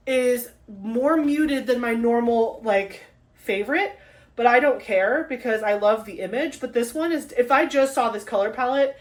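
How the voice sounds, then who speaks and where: A young woman chats through a craft unboxing, gushing and excitable, full of likes and little gasps. Her voice sits a touch high. The sound is roomy and echoey, picked up from a few feet away. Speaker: crafting vlogger. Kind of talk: casual unboxing chat. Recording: echoey room, mic at a distance.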